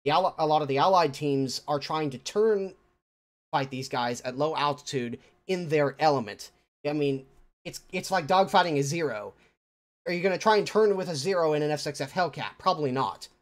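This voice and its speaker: A man's voice: a little high, expressive, brisk. A man sharing his views on a gaming podcast. He is opinionated but hesitant, with many ums and restarts. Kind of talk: casual gaming podcast chat.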